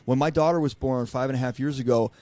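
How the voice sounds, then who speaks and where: A man's voice: mid-range voice, fast, warm tone. A man in his thirties, a coach and guest, telling a candid personal story with emphasis, swearing freely and acting out his own past dialogue.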